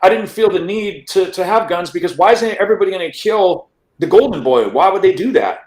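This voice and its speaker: High-pitched and fairly quick, this male interview guest casually recounts a long personal story, animatedly acting out quotes with occasional stammered restarts. The recording is rough, in an echoey room.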